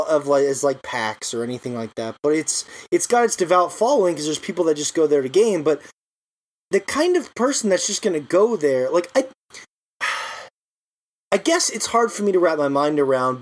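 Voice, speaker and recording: Casting: man, podcast host, animated, jokey, pitch swings around. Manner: joking, animated, laughs easily. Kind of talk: casual podcast chat.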